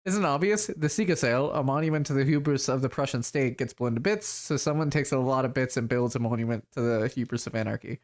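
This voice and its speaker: A man's voice: mid-range voice, fairly quick, few pauses, lightly acted. A man voicing a smug male orc artist who calls himself a visionary, reading the game dialogue aloud in a grand, self-important way.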